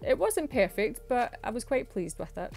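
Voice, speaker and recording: A woman's voice: on the high side, sing-song, moderate pace, gravelly, darkish tone, soft background music. A Scottish woman chatting through a home voice-over for her nail art videos, self-mocking and laughing often. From Scotland. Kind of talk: casual voice-over narration.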